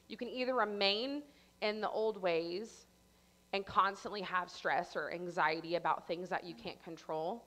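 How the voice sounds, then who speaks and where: A young adult woman giving a sermon at church, telling a personal story in an animated way and acting out her own panicked lines. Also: mid-range voice. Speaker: church speaker.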